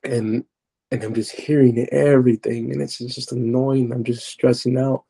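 Husky, dark-voiced man telling his testimony. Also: mid-range voice, level tone, moderate pace. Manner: earnest, confessional retelling with frequent restarts. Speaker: podcast guest. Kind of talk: personal testimony storytelling.

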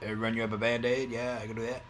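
A man's voice: medium pitch, little pitch movement, fast talker, slight background noise. A man co-hosting a podcast in casual chat, playful and teasing, laughing often. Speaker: podcast co-host.

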